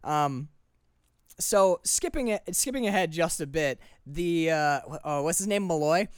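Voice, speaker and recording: A man co-hosting a casual movie podcast, swearing, laughing and acting out lines in loud voices. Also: fairly high pitch, expressive, unhurried, clean tone, dry recording, clean studio sound. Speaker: podcast co-host.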